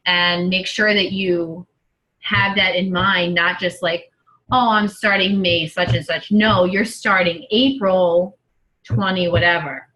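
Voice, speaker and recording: Bright-voiced woman coaching on a video call. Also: lowish voice, steady tone, takes it slowly, poor audio. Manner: chatty and rambling, thinking aloud. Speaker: online group coach. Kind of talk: casual video call talk.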